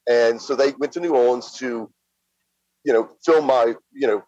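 A middle-aged man from Louisiana, a guest recounting events in a plain-spoken, halting way full of fillers. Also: mid-range voice, darkish tone, no echo. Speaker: interview guest. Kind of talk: casual spoken storytelling. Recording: slightly dull lo-fi sound.

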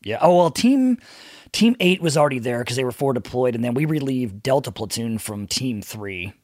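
A man's voice: mid-range voice, lively intonation, moderate pace, a little mellow, no room sound, studio quality. A man telling war stories in casual podcast chat, swearing freely, laughing and acting out the voices of people he quotes. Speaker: former Navy SEAL guest storyteller.

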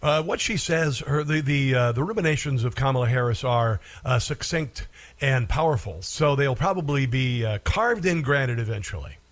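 A man's voice: mid-range voice, lively intonation, moderate pace. A man hosting an opinion talk radio show, sarcastic and rambling, stumbling over words.

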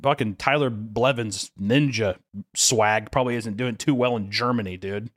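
A man's voice: on the low side, moderate pace, a bit bright, dry recording, studio quality. A young man co-hosting a podcast in casual, sarcastic banter, often repeating his words as he talks over a remote call. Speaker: podcast co-host. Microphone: remote call mic.

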